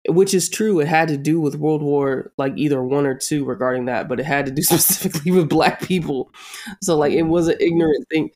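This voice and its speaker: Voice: mid-range voice, brisk, a little mellow. A podcast co-host in casual chat, emphatic, repeating points and swearing often.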